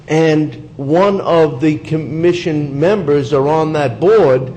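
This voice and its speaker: A man's voice: a little high, takes it slowly, hardly any pauses, a little mellow, low-quality recording. A man, a county commissioner, questioning a speaker at a public meeting. He presses his point with repeated restarts. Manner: pressing, repetitive, stammering restarts.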